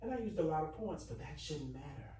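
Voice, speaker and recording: A man's voice: fairly high pitch, expressive, fast, warm tone, a little hiss or hum. A man talking in a hotel room, complaining with emphatic indignation. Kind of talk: casual chat. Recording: roomy sound from far off.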